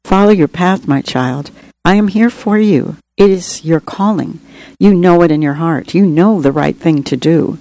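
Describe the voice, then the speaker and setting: Calm little white dove, as the narrator puts him on, quiet and matter-of-fact, gentle and wise, storybook reading. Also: mid-range voice, measured pace, natural voice, low-quality recording. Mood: solemn. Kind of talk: audiobook reading.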